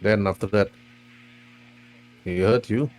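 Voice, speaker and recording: A man's voice: lowish voice, fairly even intonation, takes it slowly. A man narrating a tabletop role-playing game as game master, with meandering, restart-filled phrasing.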